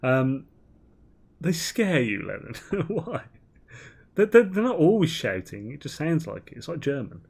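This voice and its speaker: A man's voice: a little high, big pitch swings, measured pace, gravelly, darkish tone, slightly rough. A man streaming a game, chatting in a rambling, giggly way full of ums and restarts. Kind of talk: casual gaming banter.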